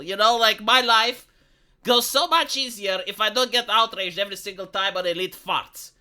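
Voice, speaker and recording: A man's voice: very high voice, bright, forceful tone. A man hosting a livestream, commenting in a sarcastic, rambling, mocking way. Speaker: livestream host.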